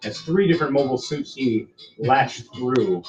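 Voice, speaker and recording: A man narrating a tabletop role-play game as game master, playful and quick to laugh. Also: medium pitch, expressive, a little mellow, lo-fi sound, soft background music. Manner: playful, laughs often, puts on voices.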